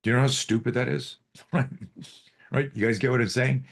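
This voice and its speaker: Gravelly, medium-pitched, and fairly quick, this man's voice carries a self-defense coaching session on a live group video call. He tells animated stories full of swearing and rhetorical questions.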